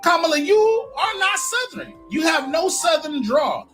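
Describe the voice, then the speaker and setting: A woman online commentator airs blunt, mocking opinions with plenty of sass. Her voice is high and swoops widely. Faint music plays behind her. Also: very animated, unhurried. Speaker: social media commentator.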